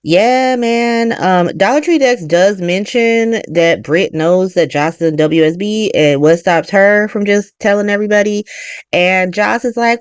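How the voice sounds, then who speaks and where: A woman's voice: mid-range voice, lively intonation, a little slow, smooth, no room sound, clean studio sound. A woman hosting a casual soap opera recap, swearing freely and speaking in a sarcastic, slangy way.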